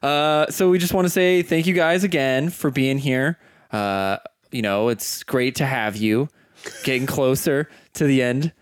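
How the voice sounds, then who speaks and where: Brief: male game master, mid pitch, chatty, dry close sound. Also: unhurried, smooth, no echo. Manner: upbeat, rambling, filler-heavy. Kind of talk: casual chat and game narration.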